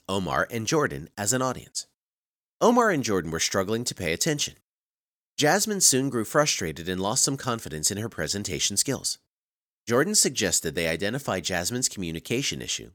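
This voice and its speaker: Low-voiced man reading a training course. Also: fairly bright tone, no room sound, studio quality. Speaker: course narrator. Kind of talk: scripted narration.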